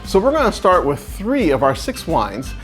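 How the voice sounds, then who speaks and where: Casual guy hosting a charity thing, kinda high voice, lots of ups and downs, soft music behind. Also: huge pitch swings, normal speed. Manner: casual, chatty, a little scattered. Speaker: event host.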